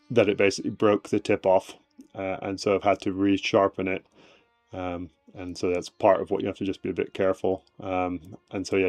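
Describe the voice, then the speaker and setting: A man casually explaining fossil preparation on a live stream from his shed, rambling with many fillers, his voice fading as he moves away from the desk mic. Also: sits low. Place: home shed workshop. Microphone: desk mic, voice fades as he moves away.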